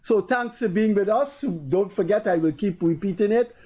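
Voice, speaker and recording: A man's voice: high-pitched, normal speed, dark tone, husky, low-quality recording. A Guyanese man hosting a political talk show, telling stories and acting out the people he quotes in a raised, emphatic voice. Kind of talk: casual political commentary.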